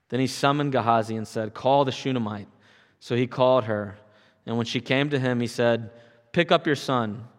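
A man reads scripture aloud at a steady, measured pace. His voice sits in the middle of the male range and rings out with a long reverb, as if carried through a church hall. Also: medium pitch. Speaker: scripture reader. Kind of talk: Bible reading.

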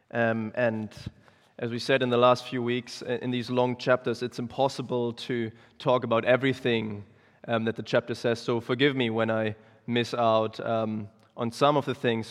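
A man preaches in a relaxed, conversational way, often pausing on ums and correcting himself. His mid-range voice carries a long reverb, as if it fills a church hall. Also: mid-range voice. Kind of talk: sermon.

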